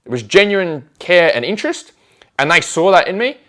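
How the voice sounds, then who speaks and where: A man telling stories in a casual chat, animated and acting out the conversations he describes. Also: high voice, moderate pace. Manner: animated, acts out conversations in quoted voices.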